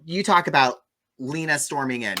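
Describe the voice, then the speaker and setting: A man in his thirties hosting a casual movie review chat, retelling scenes in an animated way. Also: a little high, normal speed. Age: 30s. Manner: animated storytelling, acts out quoted lines. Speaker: movie review podcast host.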